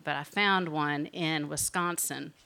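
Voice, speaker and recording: Southern lady from alabama telling a story, lowish bright voice, chatty and laughy. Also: slow, vocal fry. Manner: animated, chatty, often laughing. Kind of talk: personal storytelling.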